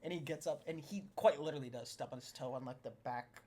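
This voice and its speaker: A woman's voice: sits low, fast, dark tone. A woman co-hosting a podcast, gushing and laughing often in casual chat about a show. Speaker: podcast co-host.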